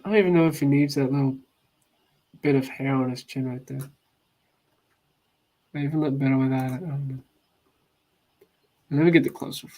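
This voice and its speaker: A man's voice: medium pitch, steady tone, moderate pace, long pauses, warm tone. A man in casual chat, laid-back and rambling.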